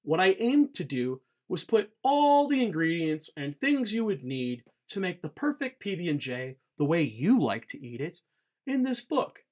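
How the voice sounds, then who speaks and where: A man hosting his own channel, talking in a playful, jokey, animated way as a game designer. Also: on the high side, measured pace. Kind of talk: comedic casual vlog.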